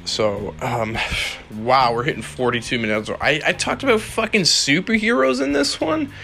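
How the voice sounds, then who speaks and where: A young man hosts a laid-back solo podcast, rambling and swearing and laughing often as he talks. His voice is on the high side and creaky, his pace moderate, with background noise in the recording.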